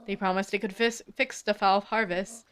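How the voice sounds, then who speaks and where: Woman doing a desperate whistleblower lady, urgent and pleading, clear smooth voice. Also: mid-range voice, steady tone, normal speed, fairly bright tone, natural voice. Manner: urgent, pleading, stumbling over words. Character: defiant determined woman whistleblower. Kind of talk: game dialogue read aloud.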